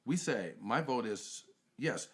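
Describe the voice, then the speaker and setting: A man's voice: medium pitch, animated, slow pace. A man hosting a casual podcast conversation, speaking in an emphatic, motivational coaching manner. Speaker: podcast host.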